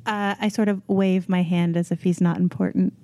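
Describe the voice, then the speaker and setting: Woman player, warm mellow tone, breezy and playful. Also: on the low side, level tone, normal speed. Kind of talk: tabletop role-play.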